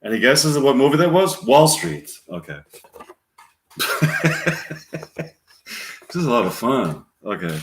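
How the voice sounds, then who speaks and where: A man's voice: medium pitch, sing-song, a little fast, hardly any pauses, background noise. Rambling man talking to himself in a roomy room. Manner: rambling, swears, talks to himself. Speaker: solo performer of a movie-scene game. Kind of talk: rambling solo comedy. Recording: roomy echo.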